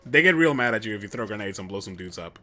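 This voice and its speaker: A man's voice: lowish voice, expressive, racing, sharp tone, faint music behind. A young man commentating his own gameplay on a live stream, chatty and joking as he thinks aloud. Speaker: game streamer.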